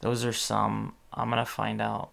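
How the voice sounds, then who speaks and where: A man's voice: lowish voice, monotone, unhurried, fairly bright tone. A sleepy young man reading aloud and commenting casually, skimming with many ums and asides. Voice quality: gravelly fry. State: sleepy, yawning. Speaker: solo vlogger reading about link building.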